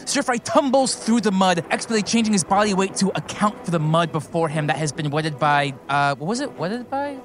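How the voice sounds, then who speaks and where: A man's voice: sits high, lively intonation, a little fast, hardly any pauses, soft background music. A man playing a tabletop game, describing his character's actions in a casual way. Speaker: player.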